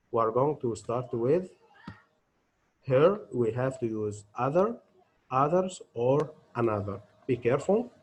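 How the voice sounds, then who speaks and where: A man's voice: mid-range voice, darkish tone, a little hiss or hum, low-quality recording. A middle-aged man, an English teacher, giving a grammar lesson and answering his own questions as he goes.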